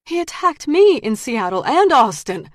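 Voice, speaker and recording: A woman reading the lines of a frightened young woman held at gunpoint, pitched up and pleading. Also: sing-song, unhurried, no echo, clean studio sound. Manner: high, pleading, frantic. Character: terrified young woman facing her captor.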